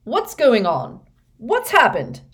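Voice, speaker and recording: A woman voicing a flustered middle-aged male official who talks loudly and fretfully, in a storybook reading. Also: fairly high pitch, huge pitch swings, fairly quick, distant mic, voice pushed up. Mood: alarmed. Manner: loud and fretful.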